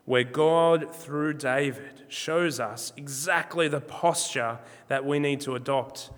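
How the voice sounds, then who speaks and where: Male preacher, measured and emphatic, mid-pitched voice, long church echo. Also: fairly bright tone. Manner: measured, emphatic, slows on key words. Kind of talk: sermon.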